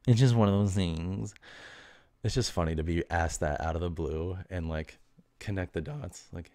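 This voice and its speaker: A deep-voiced man with a dark tone hosts a podcast at a normal pace, with no echo. He rambles through loose, meandering stories in casual slang and often laughs at himself.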